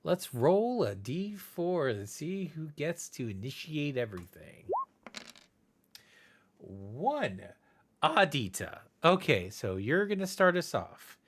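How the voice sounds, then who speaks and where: A man's voice: a little high, very animated, takes it slowly. A man running a tabletop game as game master, explaining rules and narrating scenes in a playful way.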